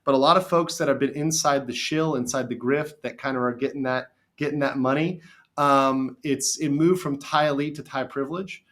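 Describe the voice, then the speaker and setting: A middle-aged American man, an attorney, talking as a guest on a podcast, emphatic and lively when telling stories. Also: mid-range voice, moderate pace. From USA. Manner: animated, emphatic storyteller. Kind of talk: casual podcast interview.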